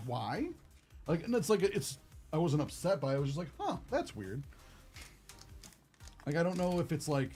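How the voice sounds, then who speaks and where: A man's voice: on the high side, darkish tone. A young man hosting a card-opening stream, chatting casually and rambling with lots of fillers. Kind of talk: casual chat while opening cards.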